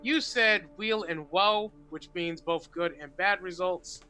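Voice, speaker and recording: A man's voice: high-pitched, takes it slowly, pushed and bright, faint music behind. A man playing in a tabletop game, recapping the last session in a loose, rambling way. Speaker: player. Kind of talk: casual tabletop game talk.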